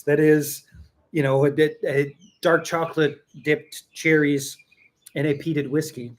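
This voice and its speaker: A man hosting a casual tea tasting chat, rambling and repeating himself for emphasis. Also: a little high. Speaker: tea seller and show host.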